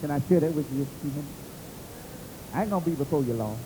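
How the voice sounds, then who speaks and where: A man preaching in a call-and-response sermon, emphatic and climbing into high shouted peaks. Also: racing, in a large hall, noisy background.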